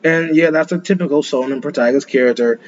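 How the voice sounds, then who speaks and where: A man's voice: on the high side, quick pace, darkish tone, slight background noise. Rambling young man with a slangy stammer. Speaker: anime reaction host. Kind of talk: casual reaction commentary. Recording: dull lo-fi sound with faint room ambience.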